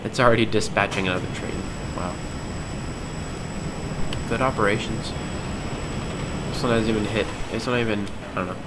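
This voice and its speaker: A man's voice: on the low side, fairly even intonation, normal speed, long pauses. Chatty young man with noise behind. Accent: Ohio. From Ohio. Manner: chatty, rambling, laughs often. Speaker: coaster simulator streamer. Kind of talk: casual live-stream commentary. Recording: loud background noise.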